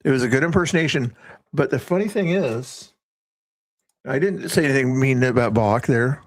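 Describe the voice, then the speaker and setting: A man's voice: mid-range voice, moderate pace, no room sound. A man hosting a casual livestream, rambling and often breaking off mid-sentence. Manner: rambling, self-interrupting. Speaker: livestream host.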